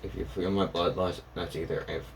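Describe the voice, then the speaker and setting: A man telling a made-up fan story off the cuff, rambling and halting, voicing the characters' lines as he goes. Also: sits low, steady tone, a little hiss or hum. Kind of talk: improvised fan story narration.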